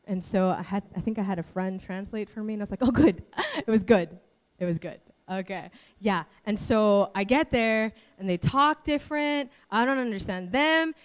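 A woman from Hawaii shares a personal faith testimony in an earnest storytelling voice. She keeps it lively and acts out the people in her story. Her pitch sits at a middling level. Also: clean tone. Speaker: speaker giving a testimony.

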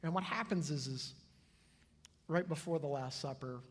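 Male pastor, sermon. Husky, fairly high, earnest, long hall reverb. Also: normal speed. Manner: earnest, shifts between soft and loud.

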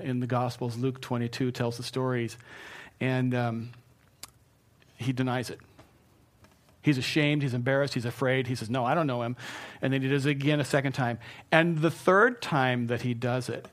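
A male pastor giving a conversational sermon, acting out scripture voices and dropping to a hush at key points. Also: medium pitch, steady tone, normal speed. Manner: conversational preaching, acts out quotes, drops to a hush for emphasis.

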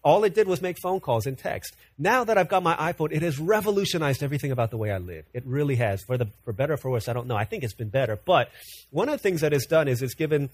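A man's voice: a little high, expressive, fast, dry recording. A man in his thirties, a pastor preaching an earnest, conversational sermon full of personal stories.

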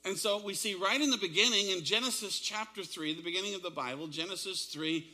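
A man's voice: high voice, fairly quick, bright, forceful tone. A man preaching a sermon, retelling a story dramatically with shifting pace and emphasis. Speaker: pastor.

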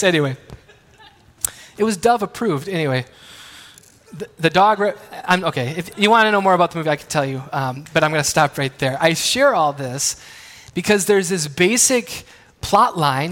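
Pastor, man in his thirties, high voice, chatty sermon with family anecdotes, long hall reverb. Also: moderate pace, fairly bright tone. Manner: conversational, self-deprecating, asks the audience questions.

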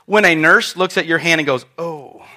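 A man preaching a sermon, telling a story with lively asides and questions to the congregation. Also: fairly high pitch, brisk.

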